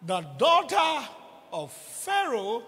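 A man preaching a fervent sermon, shouting and repeating lines in a sing-song cadence. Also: very high-pitched, very animated, slow, in a large hall.

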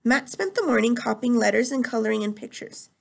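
Teacher lady reading a chapter out loud, kinda high, gravelly fry. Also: animated, a little fast. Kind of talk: reading a novel aloud.

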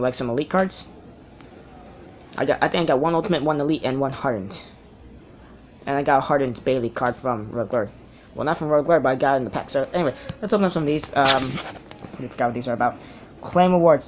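A young man giving casual, rambling commentary while playing a card game on a tablet, often correcting himself and getting excited over good pulls. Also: a little high, slight background noise. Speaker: mobile game player. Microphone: tablet's built-in mic.

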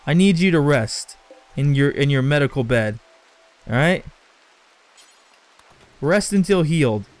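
A man's voice: on the high side, expressive, unhurried, a little mellow, no room sound. A young man commenting on his own gameplay, swearing and scolding the characters in exasperation. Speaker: let's play gamer.

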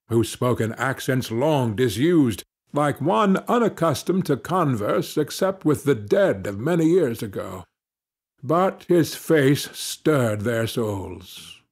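A man narrating a classic story as an audiobook in a measured, dramatic reading. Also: mid-range voice, darkish tone, slightly rough.

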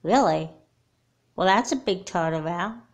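Larissa, a chatty high-pitched girl doll voiced by a woman. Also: expressive, a little slow. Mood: curious. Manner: bright, talkative, questioning. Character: chatty, caring, religious young girl doll friend. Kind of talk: homemade doll movie voice acting.

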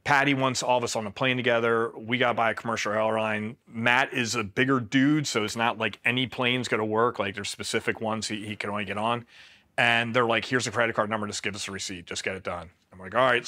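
A man's voice: fairly low pitch, steady tone, fairly quick, pushed and bright. A man from Pennsylvania, a Marine veteran, telling a story casually as an interview guest, acting out what people said and using lots of filler words. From Pennsylvania, USA. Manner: retells events by acting out quoted dialogue, many "like" fillers.

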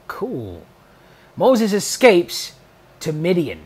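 A man's voice: fairly high pitch, animated, normal speed. A man reading a Bible passage aloud and stopping to comment in a loose, rambling way, often repeating himself and leaning on fillers. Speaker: Bible teacher on a video channel. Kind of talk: reading scripture with casual commentary.

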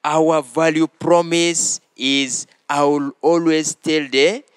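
Guy hosting a kids church show, really slow and careful, gets the kids to repeat after him, dry close sound. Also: fairly high pitch, steady tone, smooth, no room sound. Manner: slow, deliberate, prompting listeners to repeat phrases. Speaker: children's church show host. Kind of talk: teaching children with call-and-response.

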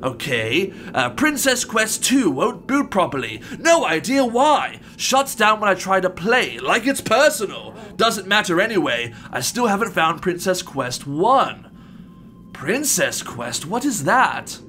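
A man voicing a polite, tea-loving gentleman toy bear animatronic, commenting on gameplay with fussy exclamations and calling people sir. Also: high-pitched, big pitch swings, takes it slowly, soft background music, full character voice. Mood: excited. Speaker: let's-play host.

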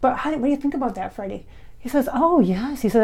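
A chatty, giggly woman with slightly blurred S sounds from clear braces, talking casually to camera from home as a medium. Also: high-pitched, animated, fast talker, dark tone. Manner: chatty and giggly, many fillers and restarts. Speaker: spiritual medium and channel host.

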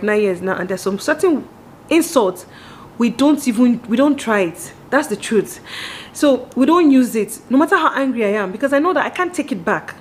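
Fast-talking Nigerian woman vlogger. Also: fairly high pitch, a little hiss or hum. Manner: animated, acts out quoted voices and talks straight to the viewer. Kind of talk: candid monologue on marriage.

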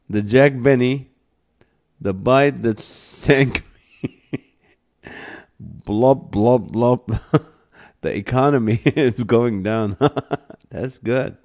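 Male live-stream host, very slow delivery, reads comments and keeps laughing. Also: mid-range voice, darkish tone. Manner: laughs often while reading. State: laughing to tears. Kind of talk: reading viewer comments aloud.

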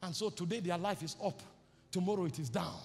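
Male pastor, very high voice, fervent shouted sermon; long hall reverb. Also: brisk, gravelly, soft background music. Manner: fervent, shouting preacher with repeated declarations. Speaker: apostle preaching.

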